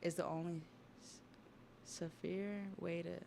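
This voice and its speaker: A streamer voicing a desperate old male giant from a comic in a gravelly, resolute tone. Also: medium pitch, fairly even intonation, unhurried, darkish tone, slight background noise.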